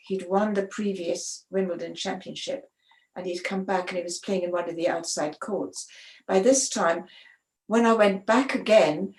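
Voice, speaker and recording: A woman, a sports photographer, telling stories in a conversational interview, animated and often restarting her sentences. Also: mid-range voice. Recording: roomy echo.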